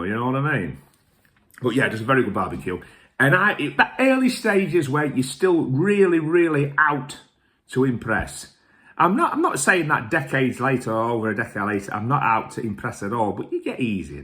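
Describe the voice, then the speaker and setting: A middle-aged man, a little tipsy, rambling through jokey stories and swearing mildly in nearly every sentence. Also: mid-range voice. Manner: animated, jokey and self-mocking. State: tipsy from drinking whisky. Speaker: whisky reviewer and vlog host. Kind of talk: rambling casual storytelling.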